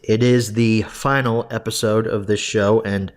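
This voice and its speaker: A man's voice: fairly low pitch, flat delivery, measured pace. A man hosting his own home media review show, talking casually with restarts and asides. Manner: mock-sobbing, exaggerated emotional outbursts at the start; conversational, with frequent restarts and asides.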